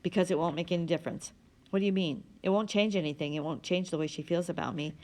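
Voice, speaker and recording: A woman's voice: fairly low pitch, steady tone, quick pace, darkish tone, close to an everyday voice. A woman reading the lines of a withdrawn, anxious teenage boy in a strained, apologetic way. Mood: pleading.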